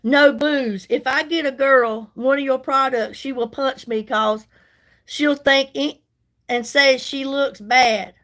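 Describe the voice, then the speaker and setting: A woman's voice: high-pitched, steady tone, slow pace, fairly bright tone, rough recording. A middle-aged woman, chatting casually and sassily with viewers on a livestream while doing her makeup. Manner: chatty, sassy, folksy, greets viewers by name. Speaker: livestream host selling products.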